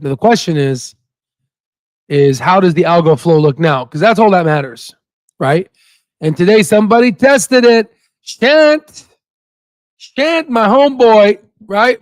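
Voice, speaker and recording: A man hosting a casual stock investing livestream, joking and hyping, with sudden shouted bursts and constant "right?" asides. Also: sits high, no echo.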